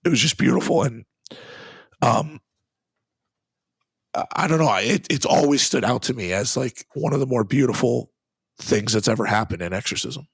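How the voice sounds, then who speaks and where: A man's voice: medium pitch, animated, moderate pace, creaky, long pauses, slightly rough, no echo. A man, a guest on an interview show, earnestly recounting an exorcism he took part in, in a conversational storytelling manner with frequent restarts.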